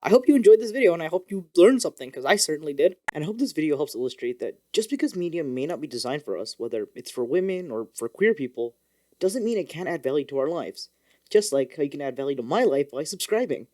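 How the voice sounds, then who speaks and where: This video creator gushes about manga with animated energy, tossing in offhand swear words. He speaks fast, words spilling over each other, in a voice a touch higher than most men's.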